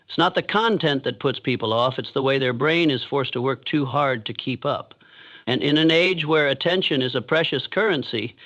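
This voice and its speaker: A man giving scripted motivational narration with a measured, deliberate delivery and emphatic pauses. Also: mid-range voice, a bit bright, muffled recording.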